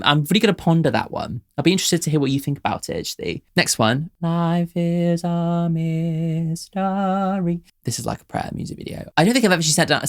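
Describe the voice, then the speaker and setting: A man hosting a music reaction show, thinking aloud casually, excitable, swearing freely and trailing off into musings. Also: medium pitch, creaky. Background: music playing from the video.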